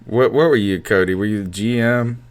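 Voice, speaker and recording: A man's voice: lowish voice, moderate pace, smooth. A man hosting a fan podcast call-in show, chatty and laughing along. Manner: laughing, chatty, takes calls. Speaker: podcast host.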